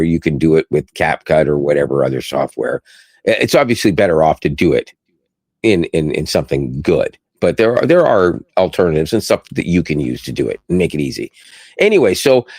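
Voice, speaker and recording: A man co-hosting a podcast, chatting casually about tech, animated and self-deprecating, laughing often. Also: low voice, no echo, poor audio. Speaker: podcast co-host.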